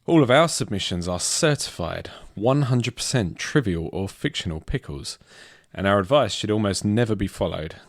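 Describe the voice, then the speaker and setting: Low-voiced, giggly host. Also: male voice, lively intonation, moderate pace, few pauses, no echo, clean studio sound. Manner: giggly, bantering. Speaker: podcast host. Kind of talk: casual comedic chat.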